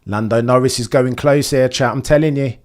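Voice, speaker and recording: A young man doing live reaction commentary for his stream chat, swinging between excited shouts and low, disbelieving muttering. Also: fairly quick. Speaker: livestream watchalong commentator.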